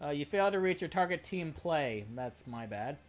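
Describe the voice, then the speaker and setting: A man narrating his own hockey video game as he plays, excitable and self-deprecating, talking back at the screen. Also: a little high, normal speed. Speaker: gamer playing a hockey career mode. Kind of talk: excited let's-play commentary.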